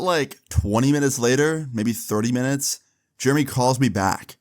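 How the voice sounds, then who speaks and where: A young man casually telling a long personal story, slangy and animated, acting out quoted dialogue. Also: mid-range voice, normal speed. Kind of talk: casual storytime over gameplay.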